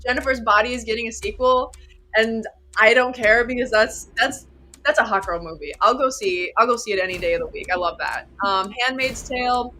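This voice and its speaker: A woman on a comedy news panel, chatty and breezy, firing off quick opinions. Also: fairly high pitch, sharp tone, slight background noise. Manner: chatty, breezy, self-described yapping. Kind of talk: rapid-fire hot takes.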